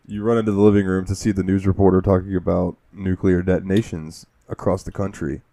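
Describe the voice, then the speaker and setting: A man's voice: sits low, flat delivery, fairly quick, mellow, no echo. A man co-hosting a casual gaming podcast, laughing often and retelling the game with quoted voices. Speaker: podcast co-host.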